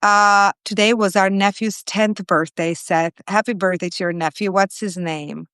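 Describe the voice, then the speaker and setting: A woman's voice: medium pitch, fairly even intonation, normal speed, no room sound. A woman in her forties hosting a casual live stream, greeting viewers by name and chatting as she cooks. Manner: chatty, warm greetings to viewers, frequent restarts. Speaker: host of a live cooking stream.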